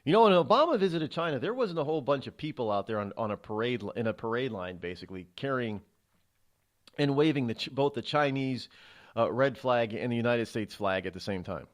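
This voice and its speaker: A man's voice: mid-range voice, expressive, a little fast. A male talk show host giving sarcastic, emphatic political commentary.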